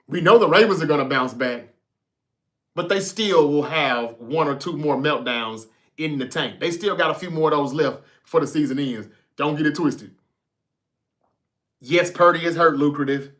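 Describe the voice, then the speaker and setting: Bright-voiced man hosting sports talk. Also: a little high, normal speed. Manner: profane, animated, talks straight to the chat. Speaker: sports talk show host. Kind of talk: casual livestream sports talk, reading viewer comments.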